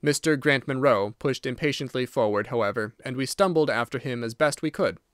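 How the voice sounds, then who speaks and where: A man's voice: medium pitch, fairly quick, fairly bright tone, no echo. Man narrating an audiobook, dry sound. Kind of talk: scripted narration.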